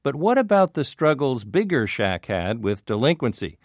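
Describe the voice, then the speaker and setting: A man hosting a radio feature, reading scripted narration and asking questions in a measured, wry way. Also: medium pitch, sing-song, no echo, studio quality. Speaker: radio host, reporter.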